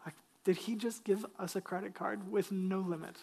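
A man's voice: high voice, fairly even intonation, normal speed, vocal fry, dark tone. A man delivers a sermon from the pulpit with an emphatic, driving manner. He keeps turning to the congregation with rhetorical questions and repeats his key lines for weight. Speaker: pastor.

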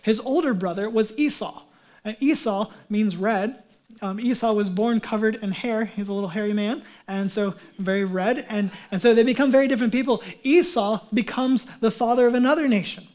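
A man giving a sermon as pastor, in a conversational, animated way with frequent casual asides. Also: high-pitched, normal speed.

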